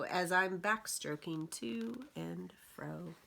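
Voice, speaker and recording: A woman librarian reading picture books aloud to young children, gentle and expressive. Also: fairly low pitch, slow pace, vocal fry. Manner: gentle, expressive storyteller for toddlers.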